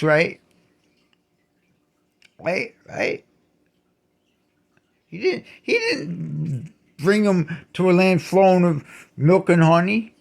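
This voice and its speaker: Male host, angry solo rant, higher register, gravelly; restarts words, bursts into shouts. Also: sing-song, extremely slow, long pauses. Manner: indignant, repeats and restarts words, shouts accusations. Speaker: channel host. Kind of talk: ranting monologue.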